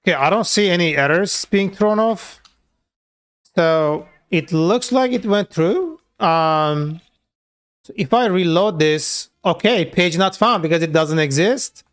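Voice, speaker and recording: A software developer streams his coding work, talking loosely through the live session with lots of filler words and casual swearing. His voice is high, unhurried and a bit bright.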